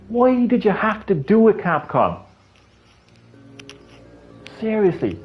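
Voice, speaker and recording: A man's voice: mid-range voice, lo-fi sound. A man live-streaming a video game, with rambling, profane, ranting commentary.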